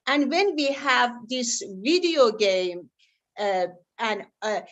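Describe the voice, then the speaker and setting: Higher-voiced woman evangelist quoting scripture. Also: slow, dull audio. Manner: animated, quotes scripture, hesitant fillers. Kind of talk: panel comment.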